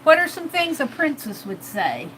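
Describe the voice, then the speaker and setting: A woman's voice: sits high, huge pitch swings, moderate pace, fairly bright tone, slight background noise, poor audio. A woman hosting an art live stream, chatting casually with viewers and reading their comments with frequent giggles. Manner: giggly and playful, laughs often.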